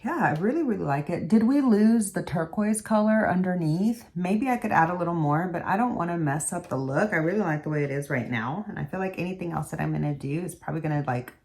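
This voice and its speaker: A woman's voice: on the low side, fast talker, few pauses, a little mellow. A woman beauty vlogger chatting casually as she does her makeup in a tutorial. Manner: chatty, talks while doing makeup.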